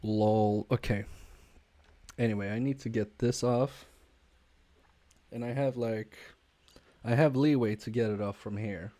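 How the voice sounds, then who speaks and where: A man casually chatting with viewers on a live stream while repairing a game controller, talking haltingly with fillers and restarts. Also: lowish voice, steady tone, mellow. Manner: halting, many fillers and restarts, chuckling asides. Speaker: repair livestreamer.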